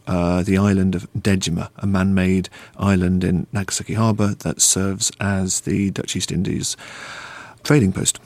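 A low-voiced man talks as an author in an interview, reading a passage and then explaining it. He speaks thoughtfully, with many ums and pauses. The recording is dry and close. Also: a little mellow, no room sound. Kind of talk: interview answers and book reading.

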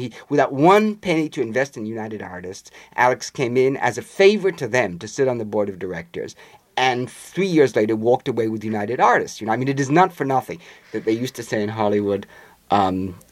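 A man being interviewed, telling long anecdotes in a conversational way and acting out the voices of the people in them. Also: fairly low pitch. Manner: animated raconteur, acts out quoted voices. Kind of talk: conversational storytelling.

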